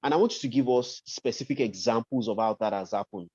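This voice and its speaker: A man's voice: mid-range voice, quick pace, dark tone, breathy edge, dry recording, lo-fi sound. A man hosting an interview, asking long careful questions with many fillers and restarts, over a remote call. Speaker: podcast host.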